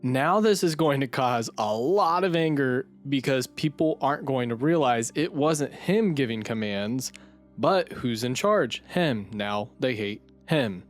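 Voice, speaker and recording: Midwestern woman co-host, swooping lively pitch, quick reactive asides, faint music. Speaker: podcast co-host. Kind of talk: casual history chat.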